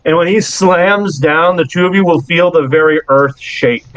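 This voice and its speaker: A man's voice: on the high side, moderate pace, fairly bright tone, smooth, dry recording, highs cut off. A man narrating a tabletop role-playing game as game master, breaking into laughs between rambling descriptions.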